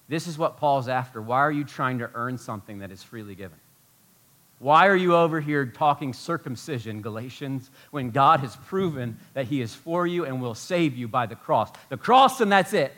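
A man preaching a sermon as pastor, animated and emphatic, full of rhetorical questions. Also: medium pitch.

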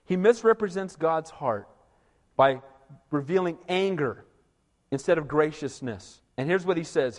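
A male pastor preaching an animated sermon, often asking his congregation "Amen?" for a response. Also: fairly high pitch, unhurried, big-room sound.

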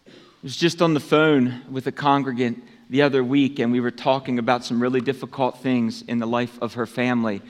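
A man preaching a sermon as pastor, in an unhurried, conversational way that lifts for emphasis. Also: mid-range voice, fairly even intonation. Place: church sanctuary. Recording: long church hall reverb.

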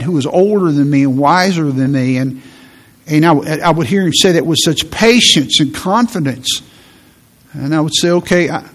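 Man, middle-aged, pastor, sermon, earnest, slows down for emphasis, fairly high-pitched.

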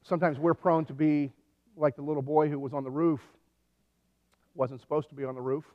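Guy preaching a sermon, kinda high voice, long hall echo, dull lo-fi sound, chatty and jokey. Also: brisk. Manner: conversational preaching with dry humor and animated storytelling. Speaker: pastor.

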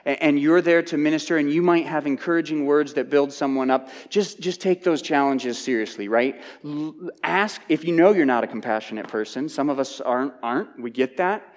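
Guy preaching thru a bible passage, kinda high voice, chatty and repeating himself, big echoey hall. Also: normal speed. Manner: conversational, repeats words when restarting. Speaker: Bible teacher. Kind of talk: expository sermon. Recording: long hall reverb.

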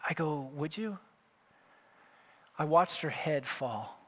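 Storytelling pastor from Wyoming. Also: male voice, a little high, expressive, takes it slowly. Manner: storytelling, acting out dialogue, growing loud and emphatic. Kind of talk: sermon.

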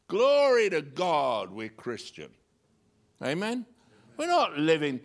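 Pastor guy preaching, kinda high voice that swoops up and down a lot, chuckly. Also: huge pitch swings, takes it slowly, pauses often. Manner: jovial, chuckling, switching between scripture reading and banter. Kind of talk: sermon.

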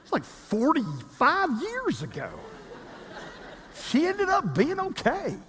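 A pastor in his fifties preaching a sermon with animated storytelling, acting out the quotes he tells. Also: extremely high pitch, slow, long reverb tail.

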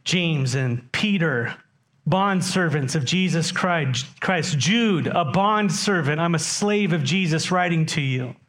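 A man's voice: on the high side, animated, takes it slowly, a bit bright. A man preaching a sermon as pastor, talking conversationally and putting questions to his congregation.

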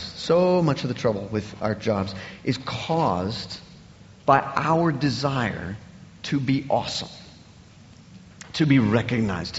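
A man preaching a sermon in an animated way, often repeating words as he builds up. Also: medium pitch, long reverb tail, highs cut off. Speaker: pastor.

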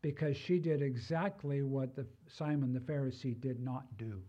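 A man's voice: mid-range voice, fairly even intonation, moderate pace, dark tone, dull audio. An older man preaching a sermon in a conversational way, with personal asides. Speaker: pastor.

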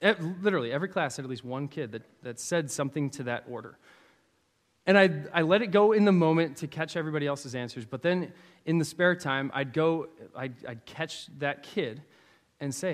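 A man preaching a sermon, telling stories from teaching kids and acting out their replies in a lively way. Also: a little high, a little fast. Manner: animated storyteller, acts out students' replies. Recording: long hall reverb.

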